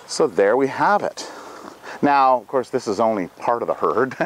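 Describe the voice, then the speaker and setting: A man's voice: mid-range voice, expressive, measured pace, slight background noise. A man on his small farm, talking casually to the camera and coaxing his animals outdoors, with farm animals heard behind him. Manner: soft coaxing talk to the animals, loud calls to the herd.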